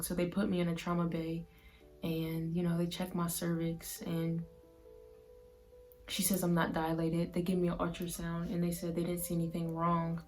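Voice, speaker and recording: A woman vlogger retelling a painful personal story to the camera in a soft, halting way, full of "like". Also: fairly low pitch, monotone, soft background music.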